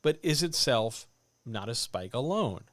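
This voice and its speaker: A man coaching writers in a livestreamed talk, animated and addressing listeners directly, with muttered asides to himself. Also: medium pitch, unhurried, dry recording. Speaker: writing coach. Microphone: desk microphone.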